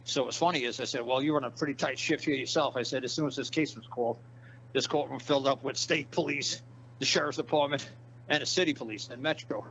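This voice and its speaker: A man telling a long story in a casual interview, animated and profane, acting out the people in his tale. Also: mid-range voice, fast, muffled recording, slight background noise. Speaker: guest.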